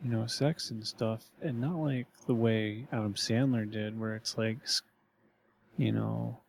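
A man's voice: lowish voice, steady tone, a little slow, vocal fry, darkish tone, a little hiss or hum. A man telling a story in casual podcast chat, rambling and restarting often with lots of fillers.

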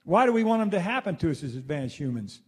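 A man delivering a rambling spoken monologue to listeners, animated and swearing freely, acting out exclamations as he goes. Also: fairly high pitch, quick pace, slightly rough. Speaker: speaker addressing his listeners.

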